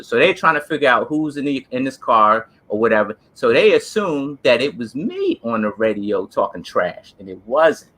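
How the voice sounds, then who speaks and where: A man tells a story in a casual, earnest, emphatic way. His voice is bright and forceful at a middle pitch. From New Jersey. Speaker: co-host, former police officer.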